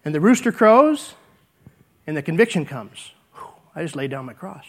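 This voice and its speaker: A man preaching a sermon, earnest and repetitive, swinging between emphatic lines and hushed ones. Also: fairly high pitch, sing-song, normal speed. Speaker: pastor.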